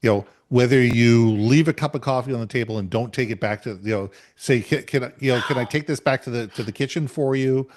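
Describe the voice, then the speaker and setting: A middle-aged man co-hosting a podcast, telling a workplace story in an emphatic, animated way. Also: mid-range voice, brisk, hardly any pauses. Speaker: podcast co-host. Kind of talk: conversational storytelling.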